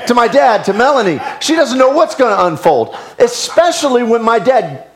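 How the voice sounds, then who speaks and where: A male pastor with a high voice preaches a sermon. He tells stories in a lively way, with his pitch leaping up and down and his volume swinging between loud and hushed. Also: moderate pace, slight background noise.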